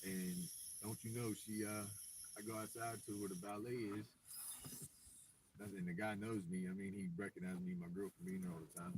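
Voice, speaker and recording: A man's voice: fairly low pitch, little pitch movement, moderate pace. A man telling a long personal story in casual live-stream chat, rambling with restarts and acted-out quotes. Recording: distant mic with clear background noise.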